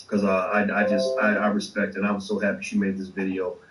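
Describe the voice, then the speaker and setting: A man with a low voice hosts a casual livestream, talking in an animated, profane way and padding his speech with fillers. The room is echoey and he sits well back from the mic. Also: a little fast, far from the mic, background noise. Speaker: host of an online show.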